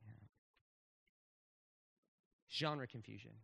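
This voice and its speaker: Bright-voiced pastor preaching in a hall. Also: male voice, mid-range voice, extremely slow, creaky. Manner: conversational, rhetorical questions to the audience. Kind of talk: sermon.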